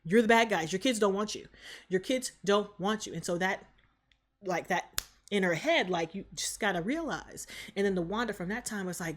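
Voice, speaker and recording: A woman's voice: mid-range voice, animated, moderate pace, faint music behind. A woman vlogger giving a comic movie recap in slangy, profane talk.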